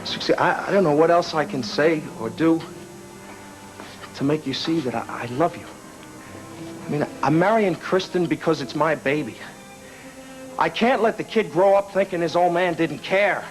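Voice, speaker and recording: An actor playing a young man who pleads haltingly with the woman he loves, in a 1980s daytime soap opera. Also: fairly high pitch, close to an everyday voice, low-quality recording. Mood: pleading. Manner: halting, pleading, soft-spoken. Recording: archived TV recording with music.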